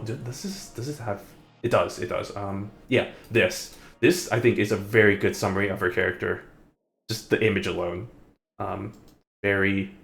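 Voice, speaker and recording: Rambling male streamer, low gravelly voice, faint music behind. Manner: rambling, hesitant, self-correcting. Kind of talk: casual live-stream commentary.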